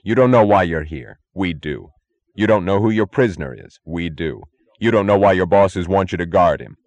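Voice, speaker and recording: A man voicing a calm, hard, authoritative male rescuer in an audiobook. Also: deep voice, moderate pace, dry recording, lo-fi sound. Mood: firm. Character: cold, commanding male rescuer. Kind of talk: audiobook character voice.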